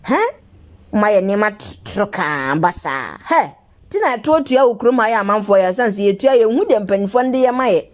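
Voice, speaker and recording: A woman's voice: medium pitch, lively intonation, quick pace. Chatty woman presenting local news. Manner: chatty, laughing, teasing. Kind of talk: local-language news commentary.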